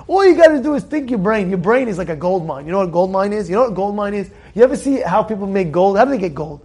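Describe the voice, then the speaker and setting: A man teaching an informal Torah class in a synagogue study hall, animated and repetitive, firing rhetorical questions at his listeners. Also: high-pitched, racing, vocal fry, few pauses, slightly rough. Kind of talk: informal Torah lesson to a congregation.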